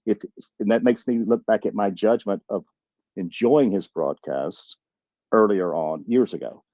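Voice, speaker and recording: A man in his late fifties calls in with a very low, dark, mellow voice. He talks earnestly and deliberately. The line is dull and lo-fi and sounds dry. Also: no room sound. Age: 50s. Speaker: caller, military veteran. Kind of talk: casual chat on a live audio room.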